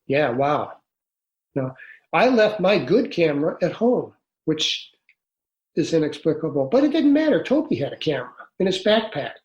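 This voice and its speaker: A man in his sixties, a guest author recounting his own past in an interview. He tells it earnestly and haltingly, with many restarts. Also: on the high side, very animated, roomy sound, lo-fi sound. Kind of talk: storytelling in an interview.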